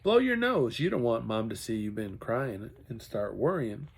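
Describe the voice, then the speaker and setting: Man playing a gentle big brother. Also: medium pitch, expressive, normal speed, gravelly, slightly rough. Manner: gentle, coaxing. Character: kind, patient older brother, a boy.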